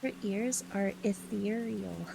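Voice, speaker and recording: A woman streamer chatting playfully with her live audience, laughing often and squealing high when flustered. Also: takes it slowly, vocal fry. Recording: steady rain noise in the background. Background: rain.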